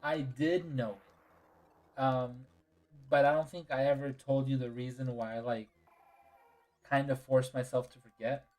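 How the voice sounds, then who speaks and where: A man's voice: medium pitch, flat delivery, moderate pace, long pauses, a little mellow, faint music behind, poor audio. A tired man streaming a game and chatting casually with viewers. He yawns, answers chat, and apologizes often. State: tired and yawning.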